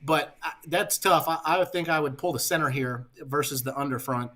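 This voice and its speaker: A man who coaches football, talking through blocking schemes in a halting way and restarting words as he thinks. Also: fairly high pitch, a bit bright. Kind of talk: casual coaching chat.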